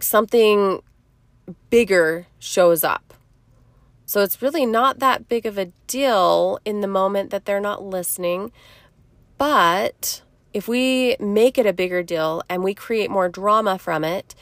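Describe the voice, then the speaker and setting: A woman, a mother hosting her own podcast, giving gentle, reassuring self-help advice in a casual monologue and often checking in with her listeners. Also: mid-range voice, no echo.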